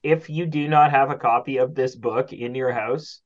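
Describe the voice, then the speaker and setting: A man's voice: medium pitch, normal speed. A man co-hosting a casual hockey podcast, easygoing, with short replies. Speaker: podcast co-host. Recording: slightly dull lo-fi mic.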